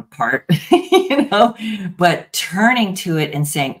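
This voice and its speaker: Slow-spoken, low-voiced woman therapist. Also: sing-song. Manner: gentle, unhurried, with many pauses and restarts. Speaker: IFS practitioner, guest. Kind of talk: explanatory interview talk.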